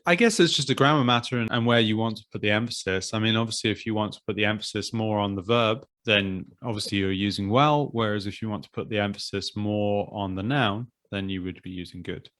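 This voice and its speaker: A man hosting a podcast, patiently explaining grammar in a relaxed conversational way, often thinking aloud. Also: lowish voice, brisk, hardly any pauses. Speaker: English teacher and podcast host.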